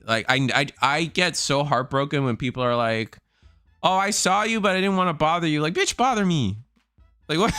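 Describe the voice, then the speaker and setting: Male streamer, mid pitch, smooth voice, dry close mic, loose rambling delivery, worn out. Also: fairly bright tone, no room sound. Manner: rambling, casual, swears freely. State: tired, burnt out. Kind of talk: casual live-stream chat.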